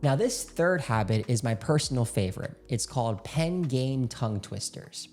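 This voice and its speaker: Male speech coach, mellow and upbeat, instructional to camera, light music bed. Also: medium pitch, expressive, moderate pace. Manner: upbeat, coaching, demonstrates exercises aloud. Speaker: speaking coach. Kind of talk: direct-to-camera instructional talk.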